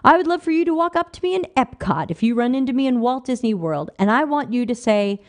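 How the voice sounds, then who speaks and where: A woman's voice: fairly high pitch, lively intonation, fast talker. A woman hosting a livestream, reading viewer comments aloud and answering them with emphatic rhetorical questions. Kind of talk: casual livestream talk.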